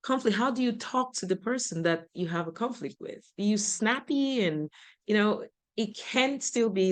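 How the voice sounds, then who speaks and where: A woman's voice: medium pitch, moderate pace. A woman giving a motivational talk, talking conversationally, asking the audience questions and laughing easily as she tells stories. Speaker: speaker.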